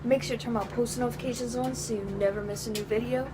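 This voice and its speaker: A woman's voice: fairly high pitch, fairly even intonation, fast talker, music in the background. A woman vlogger at home, cooing to her pets in baby talk and laughing often, then signing off to her viewers. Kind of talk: casual home vlog talking to pets.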